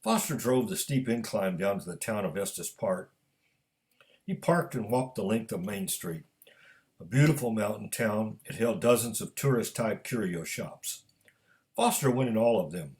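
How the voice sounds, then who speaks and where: A man narrating a story at a measured pace. His voice is low, and his pitch moves with lively expression. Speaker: author and storyteller. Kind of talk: reading a story aloud.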